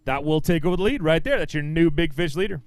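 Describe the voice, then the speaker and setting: A man emceeing a fishing tournament weigh-in outdoors, booming out weights and angler names in an upbeat, lively way over a handheld microphone. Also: quick pace, no room sound. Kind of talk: live weigh-in announcing.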